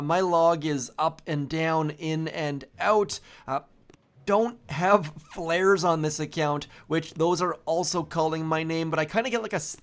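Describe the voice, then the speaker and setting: Chatty man narrating his gameplay. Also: on the high side. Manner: chatty, self-deprecating, thinking aloud with fillers. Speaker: host of a mobile strategy game channel. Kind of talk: casual gameplay commentary.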